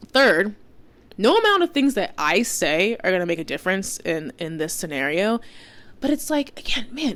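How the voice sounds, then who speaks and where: A woman's voice: medium pitch, big pitch swings, moderate pace, fairly bright tone. A young woman hosting a podcast, telling a story in casual chat, exasperated and swearing, with lots of filler words. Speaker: podcast host.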